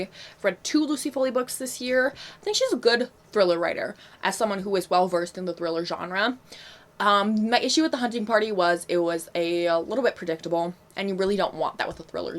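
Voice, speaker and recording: Young woman, casual book vlog, chatty, frank, mid pitch. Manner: chatty, frank, fillers and asides. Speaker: book vlogger.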